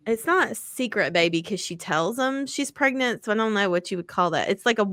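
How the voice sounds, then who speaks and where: A woman co-hosting a casual book chat, rambling with plenty of fillers and swearing. Her voice sits in a middle pitch and sounds dry and close, with no room around it. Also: animated, a little fast, a bit bright, no echo. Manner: chatty, swearing, lots of fillers and like. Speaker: podcast co-host. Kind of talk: casual chat about romance books.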